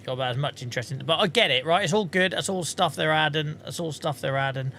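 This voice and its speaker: Brief: male game streamer, slightly high voice, loose chatty self-mockery. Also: quick pace, pushed and bright, a little hiss or hum. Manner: chatty, self-mocking, swears casually. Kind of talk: casual livestream chat.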